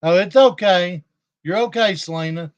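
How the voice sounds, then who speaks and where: A man's voice: high voice, moderate pace, smooth, dull audio. A man talking casually to viewers on a livestream, aggrieved and confrontational as he addresses a rival and his audience. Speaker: YouTube livestreamer.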